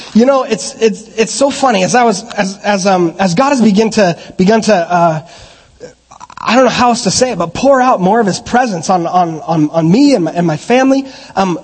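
A middle-aged man preaches a sermon in a church, his voice husky and pitched fairly high. He swings between loud, animated preaching and relaxed storytelling full of restarts. Long reverb trails each phrase through the hall. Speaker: pastor.

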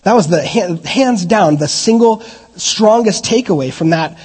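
A middle-aged man preaching a sermon, swinging from loud animated preaching to relaxed storytelling full of restarts. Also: high-pitched, measured pace, husky, long reverb tail. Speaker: pastor.

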